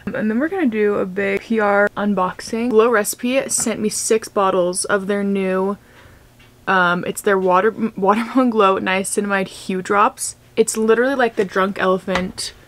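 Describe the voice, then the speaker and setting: A chatty young woman vlogger gushes over the products she unboxes at home. She talks casually, with lots of fillers, at a mid pitch for a woman. A faint hiss sits in the background. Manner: gushing, chatty, many fillers. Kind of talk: casual vlog, makeup and unboxing chat.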